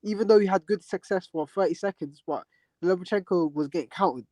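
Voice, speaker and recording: A man with a fairly high voice talks through a boxing match round by round. He is earnest and keeps restarting his sentences. The sound is dry and close, with no room around it. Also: fairly quick, dark tone, dry recording. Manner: earnest, repeats words and restarts often. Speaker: panel guest. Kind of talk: boxing fight analysis.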